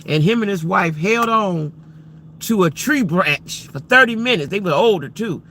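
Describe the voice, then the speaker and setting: This male livestream host has a high-pitched, pushed, bright voice with lively intonation and a moderate pace, plus a little hiss or hum. His casual commentary to chat is emphatic and repetitive. He keeps throwing rhetorical questions directly at his viewers.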